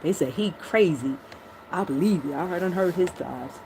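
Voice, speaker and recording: A middle-aged woman giving casual, profane commentary as a streamer, loud and laughing, full of slang as she tells stories. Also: on the low side, expressive, normal speed, a little hiss or hum. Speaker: streamer commenting on street interview channels.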